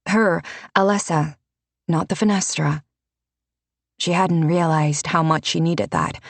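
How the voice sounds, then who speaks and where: A woman reading a fantasy audiobook in measured scripted narration. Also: low-pitched, steady tone, no echo. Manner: measured, unhurried.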